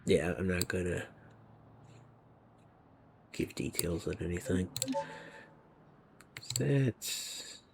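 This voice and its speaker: A man's voice: low voice, lively intonation, very slow, gravelly, pauses often, background noise. A man giving rambling, casual commentary over gameplay, sometimes dropping to a near whisper. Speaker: gaming video creator.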